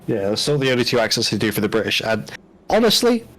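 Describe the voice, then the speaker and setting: A man's voice: mid-range voice, very animated, quick pace, a bit bright, poor audio. Chatty British man hosting a stream. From United Kingdom. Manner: chatty, laughing, apologetic. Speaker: stream host. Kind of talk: casual stream chat.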